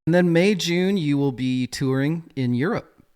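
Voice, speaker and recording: A man hosting a podcast, chatty and quick to laugh as he asks questions. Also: on the high side, a little mellow, clean tone. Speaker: podcast host. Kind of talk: casual interview chat.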